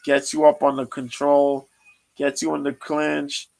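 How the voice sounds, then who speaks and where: Male stream host, gravelly, monotone, casual fight-preview chatter full of ums. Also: fairly high pitch, unhurried, low-quality recording. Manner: loose, rambling, lots of ums.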